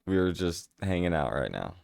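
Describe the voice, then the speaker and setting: A man's voice: sits low, sing-song, moderate pace, vocal fry, darkish tone. A man co-hosting a podcast in casual chat, laid-back with dry teasing and frequent laughs. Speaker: podcast co-host.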